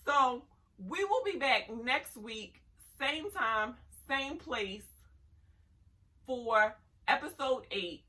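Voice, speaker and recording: A woman's voice: fairly high pitch, expressive, very slow, sharp tone, distant mic, rough recording. A woman giving a blunt, sassy casual review commentary on a reality show.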